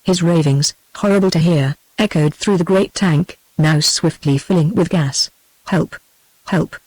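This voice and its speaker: A text-to-speech woman's voice with a British English accent, narrating an audiobook in an even, steady way. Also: low-pitched, moderate pace, no echo, rough recording. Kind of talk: scripted narration.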